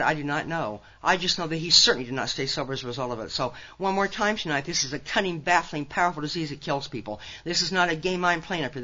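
A woman's voice: sits low, pushed and bright. An older woman from Nebraska gives a folksy personal testimony at a recovery conference, full of storytelling and punchy asides to the crowd. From Nebraska, USA. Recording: dull lo-fi recording.

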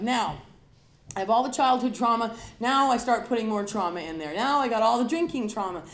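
A woman with a fairly high voice tells her own story of alcoholism and recovery, candid and confessional. She talks in an emphatic, dramatic way and acts out her past self. The room is echoey, with a faint hum of ambience behind her. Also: lively intonation, brisk. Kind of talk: personal recovery talk to an audience.

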